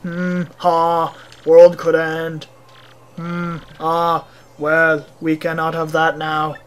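A woman voicing gruff male bomb villagers with a deliberately clumsy mock Russian accent, clipped and theatrical. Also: sits low, monotone. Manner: terse, clipped, theatrical, with "da" fillers.

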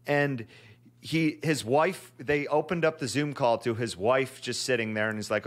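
A man's voice: medium pitch, fairly even intonation, normal speed. A man co-hosting a cartoon podcast, rambling casually, laughing through his stories and swearing freely. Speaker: podcast co-host. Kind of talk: casual chat.

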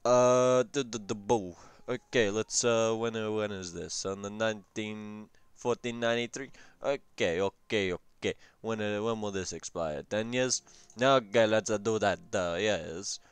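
A man's voice: fairly low pitch, measured pace, smooth, dry recording. A young man casually reviewing a strategy game session, rambling with profane jokes and asides. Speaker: gaming commentator.

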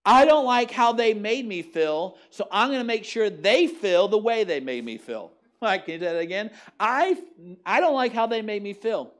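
A pastor giving an animated, emphatic sermon at a church service that is also streamed online, often putting questions to the listeners. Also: mid-range voice.

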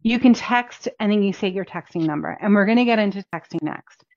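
A woman's voice: medium pitch, brisk, a little mellow, dry recording. Chatty woman chiropractor coaching practice owners, upbeat, dry lo-fi sound. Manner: chatty, upbeat, repeats key points. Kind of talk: instructional talk. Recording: dull, dry lo-fi recording.

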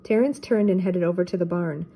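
An older woman, a teacher, reading a children's storybook aloud in a steady, clear way. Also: on the low side, a little fast.

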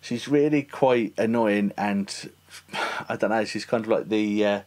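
Lower-voiced man hosting a podcast. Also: unhurried, a little mellow. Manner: chatty, self-deprecating, laughs often. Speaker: podcast host. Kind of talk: casual podcast chat.

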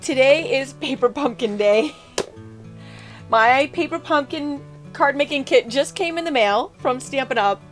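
A woman hosting a card-making video, giving a bubbly, chatty introduction and laughing often. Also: on the high side. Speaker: crafting channel host.

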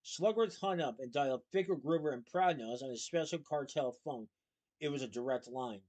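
A man reading a children's novel aloud in a plain, steady storytelling manner. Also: mid-range voice, normal speed. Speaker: reader.

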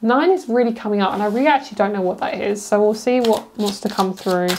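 A woman's voice: medium pitch, fast talker, darkish tone, a little hiss or hum. Chatty British woman reading tarot cards. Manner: chatty, giggly, rambling with fillers. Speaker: tarot reader. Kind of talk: casual pick-a-card tarot reading.

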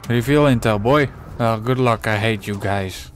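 A man's voice: on the low side, normal speed, slight background noise. A man commentating his own gameplay, exasperated and swearing constantly while muttering to himself. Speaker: let's play gamer.

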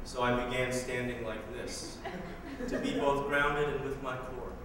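A man's voice: mid-range voice, fairly even intonation, a little slow. A man performing spoken word poetry in a wry, pointed way, with sarcastic asides, recorded live in an echoey hall from far off. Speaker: poet. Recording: echoey hall, mic far off, faint noise.

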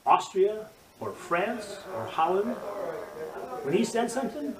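Older man telling lively stories, roomy. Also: high-pitched, unhurried. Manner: animated anecdotes, acting out quoted voices. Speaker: judo instructor. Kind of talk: storytelling interview. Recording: roomy, distant mic, crowd murmur.

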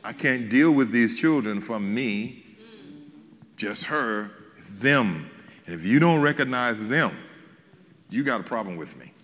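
A man, a bishop, preaching a sermon as an animated storyteller, with folksy asides and frequent restarts. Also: mid-range voice, unhurried, long reverb tail.

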